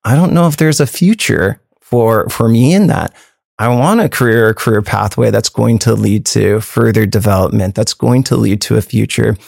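A man's voice: fairly low pitch, normal speed, creaky, a little mellow, dry recording, clean studio sound. A man, a program manager, explaining things earnestly, often restarting his sentences. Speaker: workforce program manager, guest. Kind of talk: conversational interview.

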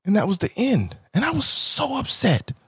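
A man's voice: high-pitched, wildly swooping pitch, normal speed, fairly bright tone, slightly rough, no echo, studio quality. A man from Kansas City, Missouri, hosting a podcast and telling a comic story, acting out voices and swearing freely. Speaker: podcast host.

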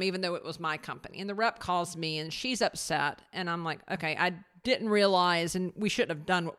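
A woman who owns a company, telling a business story in casual conversation, animated and full of restarts. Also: fairly low pitch. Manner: animated, many restarts and acted quotes. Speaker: podcast guest, business owner.

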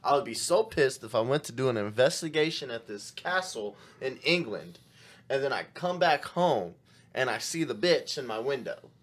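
A man's voice: mid-range voice, lively intonation. A man as a podcast guest, chatting casually and agreeing often. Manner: chatty, agreeable, lots of quick yeahs. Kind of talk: casual chat.

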